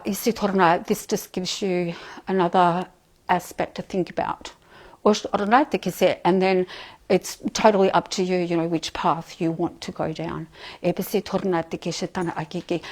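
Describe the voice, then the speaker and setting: A woman channeling before a live audience, who switches between flowing chant-like syllables and casual, filler-heavy explanations of the messages she relays. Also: medium pitch. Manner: alternates flowing invented-sounding chant syllables with chatty plain explanation; relays messages with frequent "like" and "they're going".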